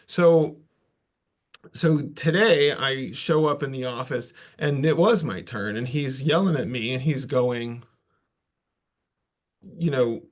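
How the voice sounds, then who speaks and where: A man's voice: mid-range voice, measured pace. A man giving a conference talk, telling a story in a casual, self-deprecating way with loose asides. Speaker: conference presenter.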